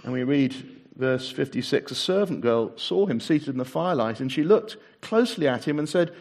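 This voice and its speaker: Animated preacher with dramatic swings. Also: male voice, normal speed. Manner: dramatic, acts out the voices in the story; drops to a hushed low voice for solemn points. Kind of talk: sermon.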